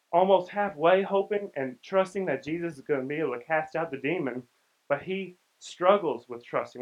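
The recording is low-quality, capturing a young man's fairly high-pitched voice. He preaches in a relaxed, conversational way and acts out what the people in the story say.

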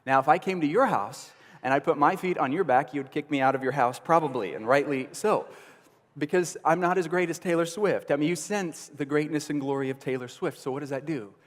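Man preaching in an echoey hall. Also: brisk. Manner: earnest preaching, rising to emphatic bursts then dropping low. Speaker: pastor. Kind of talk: sermon.

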